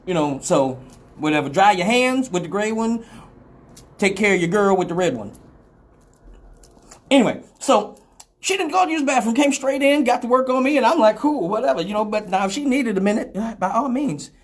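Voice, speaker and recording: A man telling a story casually to a live audience as the show's host. He is animated and profane, jumping from loud outbursts to low, muttered asides. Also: fairly quick. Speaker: radio show host.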